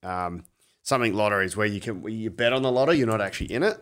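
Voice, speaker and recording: A young Australian man chatting about sports bets with a mate. He swears freely and laughs a lot, and his voice sits on the low side. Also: fast talker, a bit bright, clear, resonant tone. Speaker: podcast co-host. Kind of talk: casual sports betting chat.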